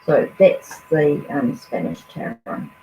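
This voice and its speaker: This tarot reader's voice is low, gravelly and warm, with a slow, sing-song delivery. She muses hesitantly through a casual live card reading, restarting often and leaning on fillers. Faint noise runs under the dull, lo-fi stream sound.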